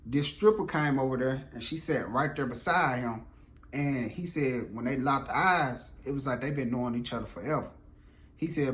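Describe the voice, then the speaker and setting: A man's voice: medium pitch, moderate pace. A man with a Southern American accent telling a true street story, acting out the voices. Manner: animated, acts out every voice. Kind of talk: casual storytelling.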